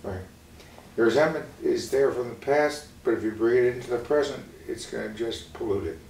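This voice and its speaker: A man, a psychologist being interviewed, speaking in a calm, measured way. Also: medium pitch, creaky. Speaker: psychologist guest. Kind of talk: interview conversation. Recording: roomy room sound from a distant mic, faint noise.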